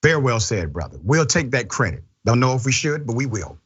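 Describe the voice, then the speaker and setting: A man's voice: medium pitch, brisk, husky, muffled recording. A man hosting a political talk show, delivering emphatic commentary. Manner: emphatic, lively. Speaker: host.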